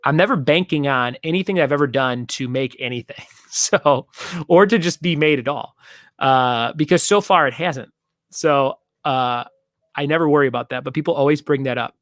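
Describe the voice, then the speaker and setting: A young man hosting a casual trivia stream, his voice sitting a little high for a man. He jokes and rambles between questions and reads viewer comments aloud. The sound is dry and close, with almost no room around it. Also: fairly bright tone, no room sound. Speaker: trivia show host.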